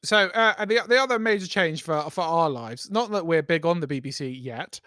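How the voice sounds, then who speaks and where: A man's voice: a little high, lively intonation, fairly quick, pushed and bright, dry recording, studio quality. A young man co-hosting a comedy podcast, rambling through a story with self-corrections and swearing. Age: young adult. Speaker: podcast co-host. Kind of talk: casual comedy podcast banter.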